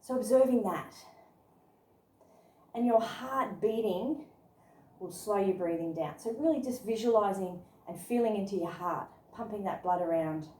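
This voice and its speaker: A woman's voice: medium pitch, normal speed. Yoga teacher woman, roomy and distant. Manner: encouraging, gently instructive. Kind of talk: guided movement and body-scan class. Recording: roomy sound from a distant mic.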